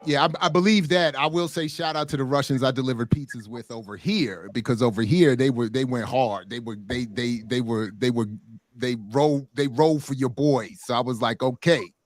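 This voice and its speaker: Man co-host, relaxed and jokey, dry close mic. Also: medium pitch, normal speed, no echo. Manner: relaxed, jokey, agreeable interjections. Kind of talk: casual radio talk show chat.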